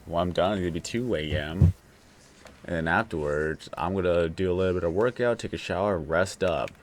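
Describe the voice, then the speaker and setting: Man, very deep voice, relaxed, rambling, casual livestream host. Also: moderate pace, slight background noise. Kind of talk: casual late-night livestream chat.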